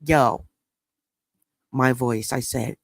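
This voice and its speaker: A middle-aged woman from New York State, hosting an astrology channel and telling a story in a casual, animated, profane and slangy way. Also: extremely low pitch, very slow, no room sound.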